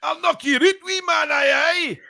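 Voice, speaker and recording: A man putting on a mock Scottish accent to play a rowdy, brash tough guy who shouts threats. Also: very high voice, measured pace, gravelly, voice pushed up, heavily acted. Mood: brash shouting. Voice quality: loud, brash, bellowing.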